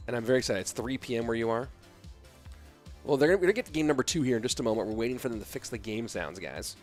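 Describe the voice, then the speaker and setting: A man's voice: mid-range voice, lively intonation, very fast, soft background music. A tired man in his thirties casting an esports match on a live stream, chatting casually and reading viewer comments aloud between plays. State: sleepy. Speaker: esports caster.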